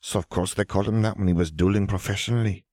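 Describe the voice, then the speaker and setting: A man voicing a scornful, hissing female dark witch in an audiobook reading. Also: lowish voice, steady tone, fast, no echo, studio quality, natural voice. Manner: sharp, contemptuous.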